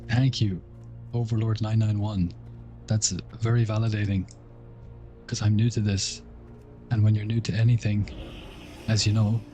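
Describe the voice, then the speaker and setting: A man's voice: on the low side, a little mellow. A man from Ireland with a mild Irish accent, chatting casually with viewers while streaming a game. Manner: laid-back, chatty, thanks viewers. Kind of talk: casual livestream chat while gaming.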